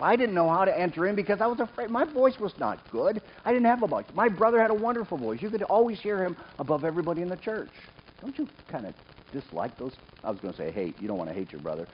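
Lively high-voiced man preaching a sermon. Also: quick pace, slightly rough. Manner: lively, jokes with the congregation, calls out names. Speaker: pastor. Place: church. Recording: dull sound with faint noise.

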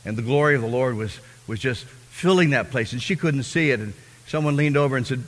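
A man's voice: medium pitch, expressive, a little fast, a little hiss or hum. Fervent preacher man in a reverberant hall. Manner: fervent storyteller, swinging from hushed to loud. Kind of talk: sermon testimony.

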